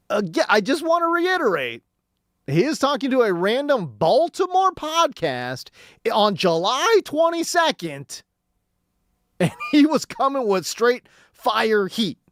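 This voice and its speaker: Excitable man hosting sports radio. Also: slow pace, pauses often, dry recording, studio quality. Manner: excitable, laughs often, swings from loud to low. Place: radio studio. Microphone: studio mic.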